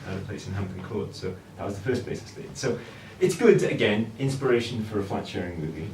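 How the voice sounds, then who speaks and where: A man's voice: lowish voice, fast, darkish tone, distant mic. A man guest telling a rambling, anecdotal story in casual chat. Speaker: film guest. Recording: echoey room, noise in background.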